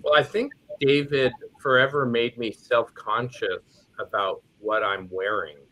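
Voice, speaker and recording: A man's voice: medium pitch, steady tone, measured pace, pushed and bright, poor audio. Self-deprecating man telling a story. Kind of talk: casual anecdote.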